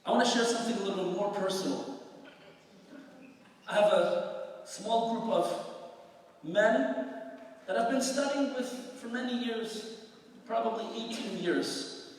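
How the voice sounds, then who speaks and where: A man's voice: high-pitched, a little slow, pauses often. A man, a rabbi, giving a sermon full of stories, chanting short Talmud phrases before explaining them. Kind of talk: sermon with storytelling. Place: large hall at a memorial event. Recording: echoey hall from far off.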